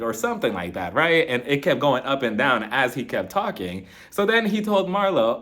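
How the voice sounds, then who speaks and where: A man's voice: mid-range voice, very animated, normal speed, a bit bright. A man casually reviewing a reality TV episode, acting out quotes and laughing often. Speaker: TV recap reviewer.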